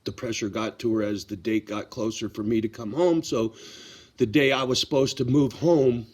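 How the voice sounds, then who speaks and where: A man's voice: medium pitch, steady tone, normal speed, a little mellow. A middle-aged man telling a personal story in a casual vlog, blunt and profane, getting worked up as he talks. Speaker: vlogger.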